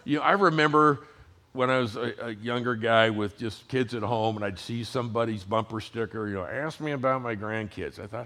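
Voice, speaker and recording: At a brisk clip and medium pitch, a pastor in his sixties tells his sermon conversationally, like a story, alternating between hushed passages and rising ones.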